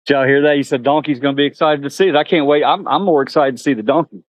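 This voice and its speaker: A man's voice: very fast, no echo. A man, chatting casually on a handheld camera vlog outdoors at an animal park, talking to the animals. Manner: chatty, talks to animals in a high sing-song. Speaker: vlogger.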